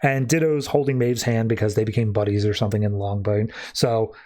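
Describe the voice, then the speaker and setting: A man hosting a podcast, giving a loose, slangy recap of a comic book issue with animated asides. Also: fairly low pitch, brisk. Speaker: podcast host.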